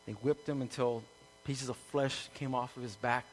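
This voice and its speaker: A man preaching a sermon to a congregation, building from calm teaching to loud, impassioned peaks. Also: medium pitch, normal speed, slight background noise. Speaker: pastor. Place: room with an audience.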